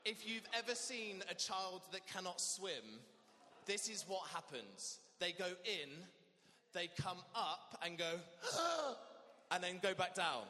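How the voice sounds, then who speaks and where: Young guy vicar telling a funny story in church, bright voice, big hall echo. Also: sits high, measured pace. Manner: storytelling, animated and humorous. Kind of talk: sermon.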